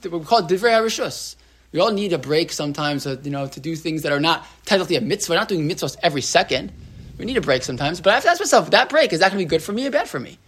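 A male rabbi leads a relaxed Torah class, talking the way people talk in a room. He keeps asking his listeners "right?" and restarts his sentences. He drops Hebrew terms into his English. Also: on the high side, rapid-fire, slightly rough. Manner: chatty, asks the room "right?", lots of restarts and "like".

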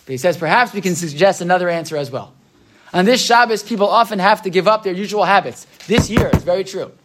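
A man leads a relaxed Torah class in a loose, talkative way. He keeps checking in with his listeners with a quick "right?" and slips into the voices of the people in the stories he tells. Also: high voice. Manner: chatty, keeps asking "right?"; acts out quoted voices in his retelling. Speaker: Torah teacher. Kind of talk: casual Torah class lecture.

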